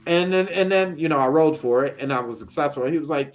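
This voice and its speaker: A man's voice: a little high, fast, soft background music. A man co-hosting a casual show, telling a long game story with lots of acted-out quotes and laughter. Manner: animated storyteller, acts out quoted characters, laughs often. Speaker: podcast co-host. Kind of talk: casual chat.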